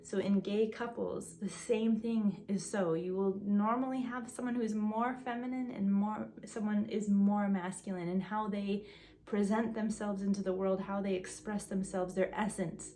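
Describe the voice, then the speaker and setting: A woman talking casually to her viewers in a vlog. She often restarts her sentences and fills gaps with um and like, and she gets a little out of breath when she is excited. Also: medium pitch, normal speed, slight background noise. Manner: chatty, restarts sentences, says um and like. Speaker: video creator.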